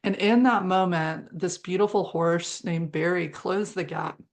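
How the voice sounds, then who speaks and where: A woman's voice: fairly low pitch, fairly even intonation, measured pace. A woman being interviewed as a guest, telling a heartfelt story from her work in horse-assisted therapy in an earnest, emotive way. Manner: earnest and emotive, with brief laughs.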